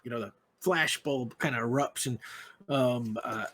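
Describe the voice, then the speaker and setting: A man narrating a Western tabletop game as game master, in relaxed, meandering speech. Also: mid-range voice, a little slow. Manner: relaxed, filler-heavy narration.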